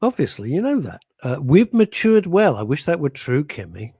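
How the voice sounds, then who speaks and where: A man co-hosting a radio chat show in a joking, lively way, his pitch swinging up and down as he talks. His voice has a husky edge, and the studio sound is dry and close. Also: normal speed, no room sound. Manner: animated, jokey, laughs often. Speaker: radio co-host.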